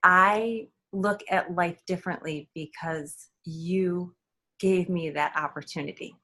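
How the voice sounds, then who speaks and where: Halting, low-voiced woman storyteller. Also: fairly even intonation, sharp tone. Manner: halting, with many ums and restarts. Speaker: guest author. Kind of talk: telling a personal story in an interview.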